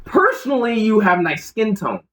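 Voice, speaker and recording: A man's voice: high voice, very animated, moderate pace, a bit bright, low-quality recording. A man co-hosting a podcast in casual chat, boastful and teasing. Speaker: podcast co-host.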